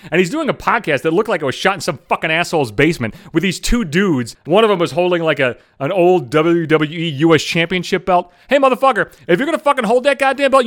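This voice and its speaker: A man hosting his own podcast, ranting in a loud, emphatic, profanity-heavy comedic style. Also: a little high. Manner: swears constantly, loud and emphatic. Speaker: podcast host.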